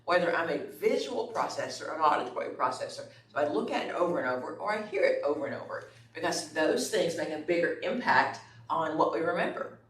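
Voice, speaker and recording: Speaking deep, animated and a little fast with hardly any pauses, a middle-aged woman teaches a class conversationally. She keeps checking in with listeners using "okay?" and "right?", recorded at a distance in an echoey room with faint background noise.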